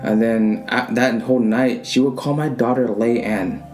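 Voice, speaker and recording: A man's voice: mid-range voice, normal speed, soft background music. A man telling a personal ghost story in casual podcast chat, acting out quoted lines with many fillers. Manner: animated, acts out quoted lines, frequent fillers.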